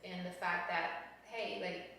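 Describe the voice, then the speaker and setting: A woman's voice: lowish voice, steady tone, a little slow, bright, forceful tone, heavy reverb, distant mic, slight background noise. A woman hosting a podcast in casual conversation, affirming her guest with frequent "yeah" and "mm-hmm". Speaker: podcast host.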